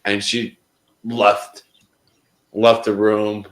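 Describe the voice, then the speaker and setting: A man's voice: lowish voice, completely flat delivery, extremely slow, roomy sound, rough recording. A man in casual group conversation, telling a heartfelt story in a rambling way, often restarting his sentences. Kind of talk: casual chat.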